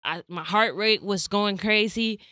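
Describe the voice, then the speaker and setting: Unhurried and medium in pitch, a young woman from California hosts a podcast and relates a personal story casually. She gets animated, acting out what people said, and the studio-quality audio carries no room sound.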